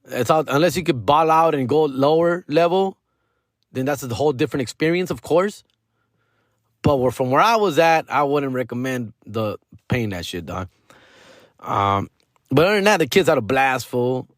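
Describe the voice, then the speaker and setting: A middle-aged male comedian rambles through a story on his podcast, swearing often and dropping into Spanish slang. His voice sits at an ordinary pitch, and the sound is dry and close, with no room echo. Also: normal speed. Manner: profane, slangy, animated, mixes in Spanish phrases.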